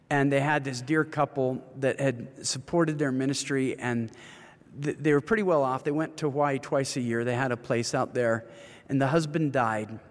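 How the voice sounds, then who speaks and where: A man in his fifties speaking as a guest on marriage, telling stories in an earnest, relaxed way and laughing easily. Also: mid-range voice, in a large hall. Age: 50s. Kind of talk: conversational storytelling.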